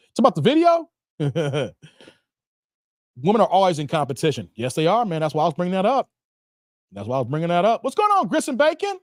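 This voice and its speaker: Animated man hosting a live chat. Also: sits high, dry recording, clean studio sound. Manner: animated, laughing often, slangy banter. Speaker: livestream host reading chat.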